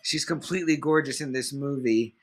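A man's voice: medium pitch, brisk, slight background noise. A man in his thirties co-hosting a casual live stream, swearing freely and acting out scenes. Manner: profane, laughing, acts out scenes in a loud put-on voice. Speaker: co-host of a live movie chat stream.

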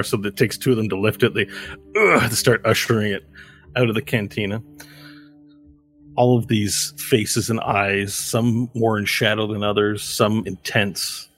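A man's voice: lowish voice, a bit bright. A man narrating a tabletop game as game master, describing scenes loosely, with casual asides.

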